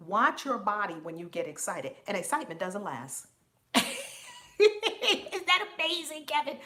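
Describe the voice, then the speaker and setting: A woman with a mid-range, slightly bright voice hosts a live stream as a spiritual teacher. She talks casually and with animation, laughs often, and calls out viewers by name.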